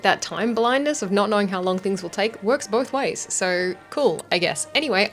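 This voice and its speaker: A woman hosting a baking video channel, talking in a chatty, jokey, self-deprecating way. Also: mid-range voice. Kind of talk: casual vlog narration.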